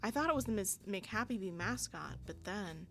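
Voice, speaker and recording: A woman voicing a young game character quietly and hesitantly recounting a childhood encounter. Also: medium pitch, lively intonation, normal speed, faint music behind. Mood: hushed.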